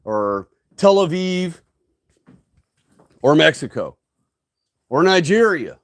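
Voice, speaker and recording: A high-pitched man speaking into a dry, close-sounding mic. He hosts a solo stream and lectures in a ranting, emphatic way. He keeps checking in with his listeners with "okay?" and "right?". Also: sing-song, slow, no room sound. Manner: frequent tag questions, "okay?" and "right?". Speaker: livestream host. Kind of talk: solo livestream monologue.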